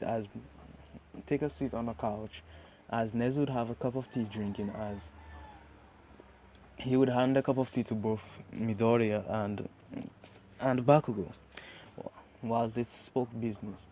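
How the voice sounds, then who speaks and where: A man's voice: mid-range voice, steady tone, measured pace, long pauses, dark tone, a little hiss or hum. A man narrating an improvised fan story, rambling with many restarts.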